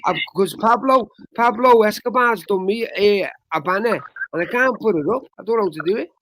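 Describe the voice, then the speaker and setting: A man's voice: high voice, a little fast, fairly bright tone. A man chatting casually on his livestream, stammering and repeating himself.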